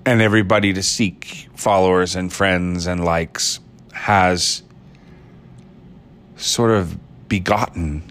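A man's voice: sits low, fairly even intonation, takes it slowly, a bit bright. A man from Ireland hosting a podcast, musing alone in a rambling, playful way with wry asides. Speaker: podcast host. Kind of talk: solo musing monologue.

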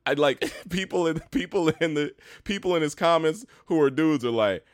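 A young man co-hosting a casual podcast, animated and laughing, often stopping to say "hold on". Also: on the high side, normal speed, few pauses, no room sound, clean studio sound. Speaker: podcast co-host. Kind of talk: casual chat.

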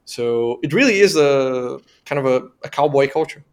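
Guy from brazil explaining stuff, laid back, keeps saying right, middle pitch. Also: moderate pace. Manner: relaxed, explanatory, ends points with right. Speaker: podcast guest. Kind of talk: casual explanation.

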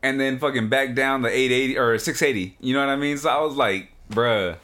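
A man co-hosting a casual podcast, laid-back and quick to laugh. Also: medium pitch, bright, forceful tone. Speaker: podcast co-host.

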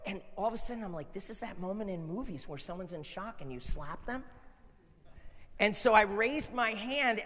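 A man preaching a sermon with passion, dropping to a hush and then rising to a shout. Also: sits high. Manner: impassioned, swings from hushed to shouting. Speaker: pastor. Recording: long reverb of a large hall.

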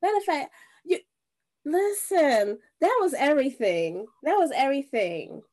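A woman's voice: high-pitched, big pitch swings, a little slow, a little mellow. A woman hosting an interview, reacting in a heartfelt, effusive way with frequent restarts. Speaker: host. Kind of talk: casual interview chat.

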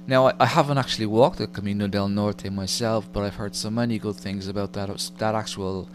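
A man's voice: on the low side, a little fast. A man hosting an interview, often stumbling and repeating words as he talks. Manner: stammering restarts, repeats words. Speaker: podcast host. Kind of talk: casual interview chat. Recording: steady hum behind voice.

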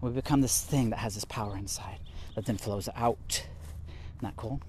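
A man teaching from the Bible in an animated way, a little out of breath as he walks and talks. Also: fairly low pitch, moderate pace, slight background noise. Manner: animated, reads and explains scripture; talks while walking vigorously.

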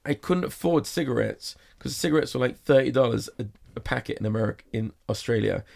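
A man's voice: mid-range voice, animated, a little fast, creaky, darkish tone. A man guest telling a rambling anecdote in casual conversation, full of fillers and quoted exchanges. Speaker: guest, magician performer. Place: sauna.

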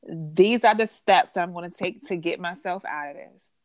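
A woman's voice: on the low side, normal speed, dry recording. A woman hosting a casual chat, speaking earnestly and encouraging listeners directly. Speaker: host.

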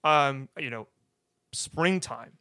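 A young man casually telling his personal faith story as a guest, halting and restarting, often tagging "right?". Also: mid-range voice, pushed and bright, clean tone, no echo, clean studio sound. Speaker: guest sharing testimony.

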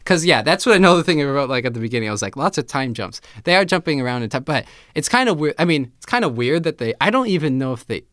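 A man's voice: on the high side, sing-song, quick pace, few pauses, fairly bright tone, no echo, clean studio sound. A man co-hosting a podcast, casually chatting and thinking aloud with fillers and restarts. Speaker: podcast co-host. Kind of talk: casual chat.

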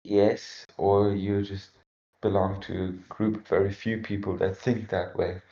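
A very deep-voiced man with a gravelly edge talks through a film in a calm, reasoning way, answering each point with a counterpoint. The sound is somewhat dull and lo-fi. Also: measured pace. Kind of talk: casual movie review chat.

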